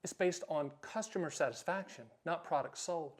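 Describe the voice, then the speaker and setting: A middle-aged man with a notably high-pitched voice hosts a direct-to-camera explainer. He talks bluntly in short, punchy sentences and throws in sudden loud bursts of emphasis. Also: moderate pace. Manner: acts out short quoted exchanges. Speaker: host.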